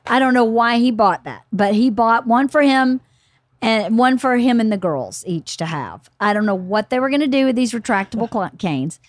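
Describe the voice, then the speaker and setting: A lively woman with a high, bright voice tells stories on her podcast, laughing as she goes. Her pitch leaps around freely, and the sound is close and dry. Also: normal speed, dry recording. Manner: animated, laughs often while telling stories. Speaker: podcast host. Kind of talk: casual storytelling chat.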